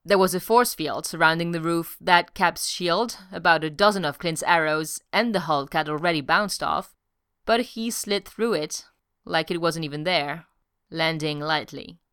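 Casting: steady woman narrator, smooth and low, dry close audiobook sound. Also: measured pace, dry recording. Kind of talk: audiobook narration of fan fiction.

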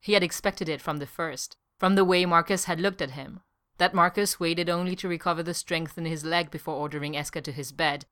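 Woman narrator, low pitch, smooth clear voice, calm audiobook reading. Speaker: podfic reader. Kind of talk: scripted narration of fan fiction.

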